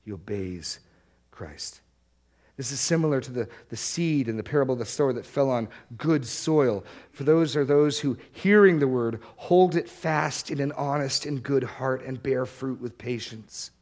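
A man's voice: medium pitch, a little mellow. Earnest male preacher stressing each point. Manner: earnest preaching, slows and stresses key words. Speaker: pastor. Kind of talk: sermon.

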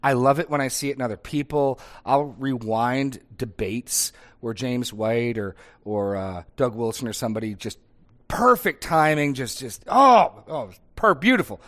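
A man's voice: medium pitch, normal speed, a bit bright. A middle-aged man, a pastor, talking in a casual discussion, conversational and thinking aloud with frequent restarts and tag questions.

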